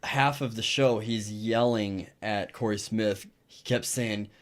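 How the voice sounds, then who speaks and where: A man's voice: on the low side, fairly even intonation, slow pace. A man co-hosting a podcast, telling a story in casual chat and swearing freely. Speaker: podcast co-host.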